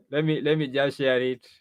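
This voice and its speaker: A man's voice: mid-range voice, level tone, a little slow, clear, resonant tone, no echo. A man hosting a talk show, commenting on clips in a chatty way and often repeating words as he talks. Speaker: host.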